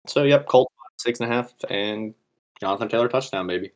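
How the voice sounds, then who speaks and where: A man's voice: medium pitch, fairly quick. A man co-hosting a podcast, giving emphatic, opinionated takes on sports bets. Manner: emphatic, opinionated, pushes his points hard. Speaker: podcast co-host. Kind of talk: casual sports betting chat.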